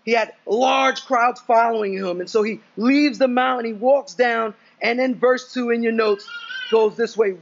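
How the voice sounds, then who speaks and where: A man's voice: very high-pitched, fairly even intonation, measured pace, vocal fry, dull audio. A young man preaching a sermon, drawing in the congregation with questions and acting out quoted voices. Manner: engaging, asks congregation questions. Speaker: pastor.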